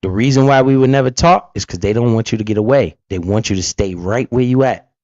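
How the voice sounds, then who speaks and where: A man's voice: mid-range voice, quick pace, a little mellow, dry recording. A man giving heated, profane reaction commentary about investing, preaching hard at his listeners. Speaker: finance commentator reacting to a clip. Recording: dull lo-fi recording.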